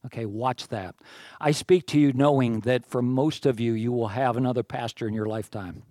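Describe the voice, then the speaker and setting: Earnest pastor preaching in a dry room. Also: male voice, normal speed, warm tone, no echo. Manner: informal, earnest, with self-deprecating asides; rises in pitch and volume when stressing a point. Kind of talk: conversational sermon.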